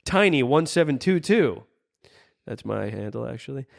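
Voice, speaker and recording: A man's voice: mid-range voice, sing-song, moderate pace, gravelly. A young man co-hosting a podcast in casual, jokey chat, reading out supporter names. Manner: laid-back, jokey, reads out supporter names. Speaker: podcast co-host.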